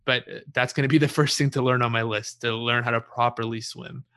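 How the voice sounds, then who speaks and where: Young man, bright tone, casual storyteller, relaxed and profane, laughs at himself. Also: mid-range voice, brisk. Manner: relaxed, swears freely, laughs at his own story. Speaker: guest telling a story.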